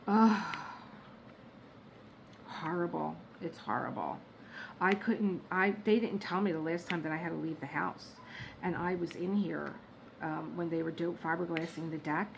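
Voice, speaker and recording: A woman's voice: fairly low pitch, measured pace, creaky, noisy background. Chatty woman telling stories at home. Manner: chatty, animated retelling, laughs at own stories. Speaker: diamond painting vlogger. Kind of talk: casual storytelling chat. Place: home workspace.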